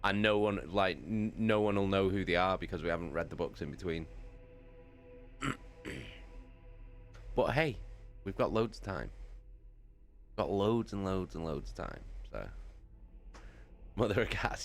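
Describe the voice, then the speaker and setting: A man's voice: low voice, measured pace, long pauses, fairly bright tone. A man chatting casually with his live-stream viewers, swearing freely and laughing between lines. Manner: sweary, chatty, laughing, greets chat by name. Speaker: livestreamer.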